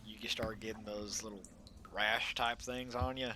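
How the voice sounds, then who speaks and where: A man's voice: lowish voice, level tone, normal speed, background noise. A man playing a tabletop game over voice chat, easygoing and describing what his character does. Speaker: player.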